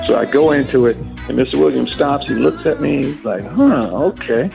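A man's voice: medium pitch, a little fast, faint music behind. A middle-aged man, a singer, telling a story as an interview guest and acting out the voices he quotes. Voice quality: gravelly, husky. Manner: lively storyteller who acts out quoted voices. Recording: tinny phone-line sound.

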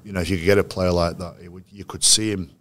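A man with a very low, deep voice recalls his players in an unhurried interview. He speaks as a coach, measured and anecdotal, often restarting his sentences as he thinks. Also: level tone, a bit bright. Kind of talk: interview storytelling.

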